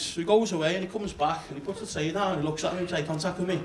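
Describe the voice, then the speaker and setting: A man with a Liverpool accent doing deadpan, cheeky live stand-up on a club stage with a handheld mic, bantering with the crowd. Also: a little high, quick pace. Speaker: stand-up comedian. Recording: live club recording with loud room noise.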